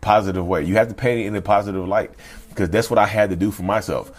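A man talking casually to his viewers on a vlog, animated and repetitive, calling them y'all, and tired. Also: fairly low pitch, fast talker. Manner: animated, repeats himself, addresses viewers as y'all. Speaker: vlogger. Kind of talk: casual talk to camera.

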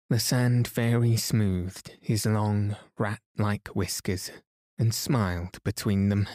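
A man narrating a bedtime story in a calm, soothing way for sleep. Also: fairly low pitch, takes it slowly, dry recording, studio quality. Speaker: podcast host, reader.

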